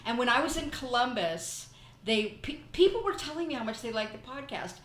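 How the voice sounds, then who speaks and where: A woman's voice: fairly high pitch, lively intonation, fairly quick, fairly bright tone, reverberant, rough recording. A woman hosting a podcast, talking in a chatty, rambling way and telling stories casually. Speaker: podcast host. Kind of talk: casual chat.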